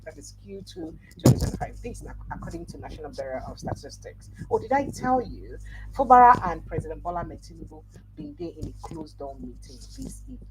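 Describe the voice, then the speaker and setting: A woman's voice: low voice, quick pace. A Nigerian woman hosting a livestream news roundup, reading headlines and commenting in a chatty Pidgin-mixed way. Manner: chatty, animated, reads headlines then comments. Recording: noisy livestream audio.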